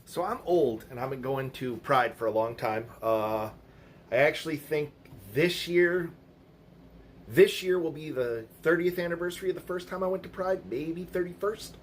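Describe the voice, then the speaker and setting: A man's voice: fairly high pitch, moderate pace, a little hiss or hum. Blunt, profane middle-aged man. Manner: blunt, profane, storytelling with quoted voices. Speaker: vlogger. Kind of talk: casual storytelling monologue.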